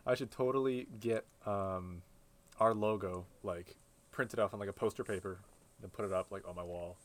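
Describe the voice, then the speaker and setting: A man's voice: fairly low pitch, normal speed. A man co-hosting a podcast, chatting in a laid-back, joking way. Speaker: podcast co-host. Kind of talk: casual chat.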